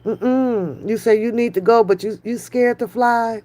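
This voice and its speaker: A woman hosting a live stream, chatting casually with viewers in a slow, drawn-out way, often brushing things off with a dismissive "mm-mm". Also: fairly high pitch, warm tone. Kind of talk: casual chat.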